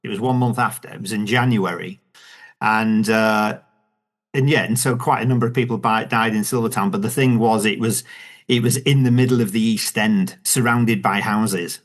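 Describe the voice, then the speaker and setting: A man's voice: lowish voice, fairly even intonation, moderate pace. A man with a Yorkshire accent, an author talking casually as a podcast guest, rambling with many restarts and fillers. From Northern England. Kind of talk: conversational interview.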